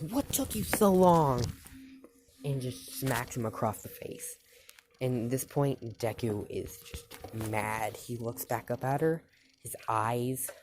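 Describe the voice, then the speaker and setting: Very deep, slow-talking woman rambling a story. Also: noisy background. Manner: rambling, many fillers and restarts. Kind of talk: casual spoken fan story.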